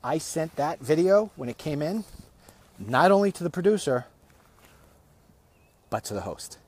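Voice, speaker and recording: A man's voice: fairly high pitch, very animated, unhurried, slightly rough. A man hosting a casual walk-and-talk vlog, rambling, often restarting and repeating his words as he goes. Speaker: vlog host. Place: walking outdoors.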